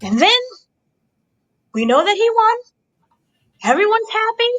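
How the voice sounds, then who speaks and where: A woman hosting a casual review chat, giving an excited blow-by-blow recap and checking in with her listeners. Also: very high voice, a little slow, low-quality recording. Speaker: podcast host.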